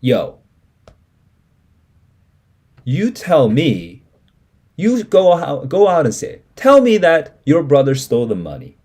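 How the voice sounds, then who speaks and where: A man's voice: on the high side, wildly swooping pitch, slow pace, pauses often, a little mellow, breathy edge, pitched above the performer's own voice, exaggerated voice. A man reading the lines of an upset mother who repeatedly demands that her husband speak plainly. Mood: pleading.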